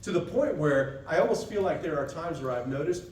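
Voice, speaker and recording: A man's voice: on the high side, animated, a little fast, a little mellow, slight background noise. A man giving a casual, conversational seminar talk to trade technicians, often checking in with "right?". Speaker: seminar presenter to dent repair technicians. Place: expo session room. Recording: echoey room, voice picked up from a distance.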